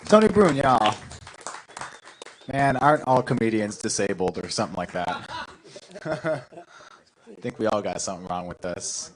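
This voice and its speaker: A man's voice: fairly low pitch, lively intonation, normal speed, long pauses, background noise. A young man hosting a comedy night, laid-back and chatty, laughing easily between lines. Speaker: comedy show host. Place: comedy club stage.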